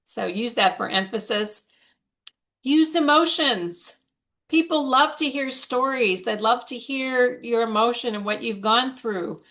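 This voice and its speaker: A woman speaking as a coach on a video call, giving a motivational talk on public speaking in a deliberate, emphatic way. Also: on the high side, fairly bright tone. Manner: slow, deliberate, emphatic delivery. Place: online video meeting.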